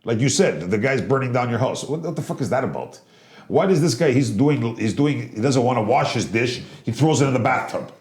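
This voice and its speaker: A man's voice: medium pitch, expressive, fairly quick, darkish tone. Profane, rambling man in an echoey room. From immigrant to Canada. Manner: loose, profane, rambling storytelling. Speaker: podcast co-host. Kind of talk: casual chat.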